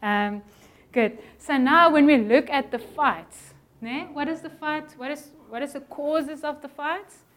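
A middle-aged woman preaches in a church with a slightly high voice. She talks in a lively, conversational way and acts out small dialogues. At moments she drops her voice to a soft, near whisper. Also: unhurried, hardly any pauses. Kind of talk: sermon.

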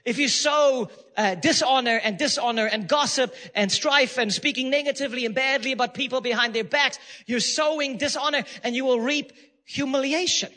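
A man's voice: extremely high pitch, moderate pace, bright, forceful tone, in a large hall. A man preaching a sermon as pastor, emphatic and repeating phrases for stress.

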